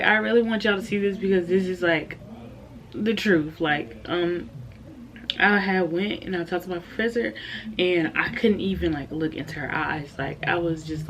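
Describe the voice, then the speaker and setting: A woman's voice: lowish voice, normal speed, fairly bright tone. A young adult woman telling a candid, heartfelt story in a casual vlog, chatty and full of fillers. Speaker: vlogger.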